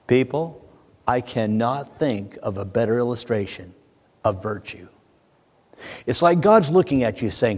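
A pastor preaching a sermon to his congregation. He tells a story and addresses his listeners directly, moving between hushed passages and booming ones. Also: big pitch swings, a little slow, husky. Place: church sanctuary. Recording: long hall reverb.

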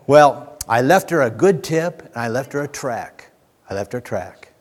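A man's voice: mid-range voice, lively intonation, normal speed, in a large hall. A man preaching a sermon, moving from emphatic declarations to folksy asides to his congregation.

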